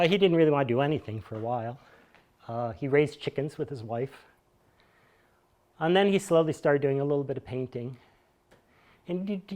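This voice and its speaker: A man's voice: a little high, a little mellow. An American man in his fifties gives a conversational storytelling monologue to an audience in a small theater, with wry, digressive asides and chuckles. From United States. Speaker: solo performer speaking to an audience.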